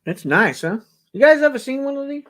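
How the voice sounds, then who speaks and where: Speaking fairly quickly in an extremely high-pitched voice, this man hosts a laid-back charity auction video. As he shows off coins, he's lively and talkative, exclaiming and cracking jokes out loud.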